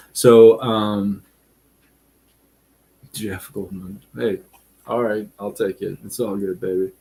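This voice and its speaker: A man hosting a casual live stream, reading viewer comments and talking in a relaxed, deliberate way with frequent fillers. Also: fairly low pitch, creaky, husky, low-quality recording.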